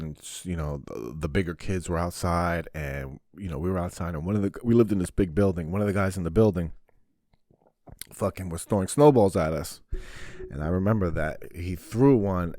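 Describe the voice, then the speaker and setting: Low-voiced profane New man. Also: darkish tone, dry recording, clean studio sound. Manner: rambling, profane storytelling with mocking asides. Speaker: podcast host. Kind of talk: solo podcast monologue.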